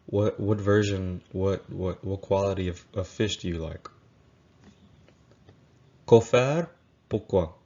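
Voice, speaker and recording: A man walks through a recorded slideshow lesson. He repeats every example slowly and catches his own slips. The sound is dull and lo-fi, as from a home computer mic. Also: low voice, darkish tone. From Louisiana. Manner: patient, repeats each example slowly, self-correcting. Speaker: language teacher.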